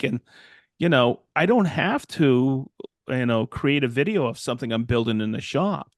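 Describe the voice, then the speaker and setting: A middle-aged man, co-hosting a podcast and telling a long story in a rambling, animated way, acting out the people in it. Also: mid-range voice, normal speed, dry recording, studio quality. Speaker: podcast co-host and woodworker. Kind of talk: casual storytelling chat.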